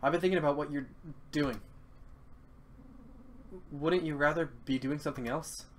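A man reading out the lines of a gentle, protective masked man from a game, with halting, stammering delivery. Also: fairly high pitch, steady tone, slight background noise, lightly acted. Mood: earnest. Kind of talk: reading game dialogue aloud.

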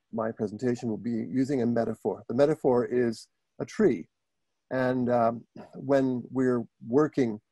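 Canadian French-accented male speaker, gravelly and mellow, halting delivery full of fillers, dry close sound on a video call. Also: mid-range voice, no room sound. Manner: hesitant, many filler words and throat clearing.

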